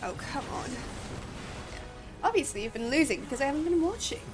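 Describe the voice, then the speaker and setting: A woman's voice: sits high, very animated, a little fast. A woman with an Australian accent chatting casually while streaming a game, sniffly and a bit drowsy, rambling and laughing often. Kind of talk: casual gameplay commentary. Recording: faint game music behind.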